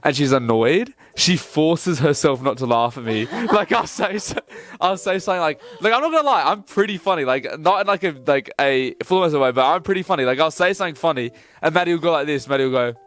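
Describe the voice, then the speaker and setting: Lively young man, animated chatter. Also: a little high, a little fast. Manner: animated, laughing, heavy use of "like". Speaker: vlogger. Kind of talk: casual chat.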